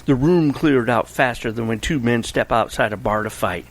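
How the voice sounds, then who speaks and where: A man narrating a storybook in a steady, wry manner. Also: mid-range voice, moderate pace, rough recording.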